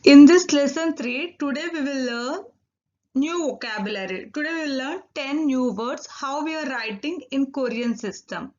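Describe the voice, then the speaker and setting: A woman teaching a recorded Korean lesson, repeating each word slowly and drilling syllables one by one. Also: high-pitched, animated, darkish tone, muffled recording.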